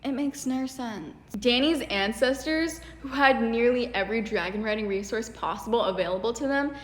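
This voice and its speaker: A woman's voice: fairly high pitch, normal speed. A woman giving a ranting video commentary, exasperated and sarcastic. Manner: exasperated, sarcastic, many "like" fillers. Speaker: video essayist. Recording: echoey room with long reverb.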